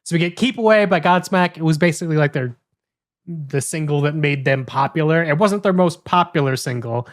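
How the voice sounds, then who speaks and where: A man's voice: on the high side, fairly quick. A man co-hosting a podcast, talking enthusiastically in casual chat with frequent fillers. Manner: enthusiastic, talkative, with many fillers. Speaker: podcast co-host.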